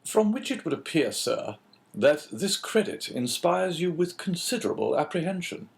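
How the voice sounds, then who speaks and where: Brief: man playing a cool, measured English agent in a storybook reading, lively intonation. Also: a little high, gravelly, voice pushed up. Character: calm, phlegmatic English businessman.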